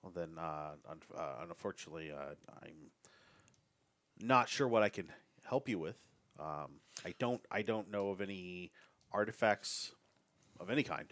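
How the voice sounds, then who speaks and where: A man's voice: low-pitched, lively intonation, a bit bright. A man voicing a formal, wary German male office manager with a German accent, in a tabletop role-play. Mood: guarded. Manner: measured, guarded and polite.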